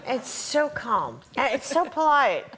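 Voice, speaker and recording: A woman's voice: high voice, very animated, unhurried, fairly bright tone, slight background noise. A woman from the Chicago area teaching a live spiritual workshop to an audience. She talks bluntly and repeats her lines for punch.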